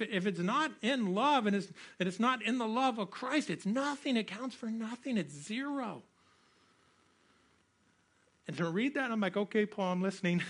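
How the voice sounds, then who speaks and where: A man preaching a sermon as a pastor, conversational and animated, often restarting his sentences and slowing for scripture. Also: high voice.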